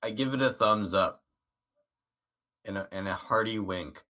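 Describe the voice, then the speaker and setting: A man's voice: on the low side, moderate pace, sharp tone. A man playing in a tabletop game, making dry jokes in casual chat. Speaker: player.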